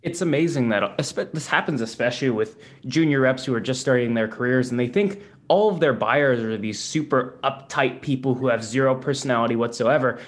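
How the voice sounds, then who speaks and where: A man hosting an interview, asking questions in a conversational, slightly halting way. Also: medium pitch. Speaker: podcast host. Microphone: video call with ring light.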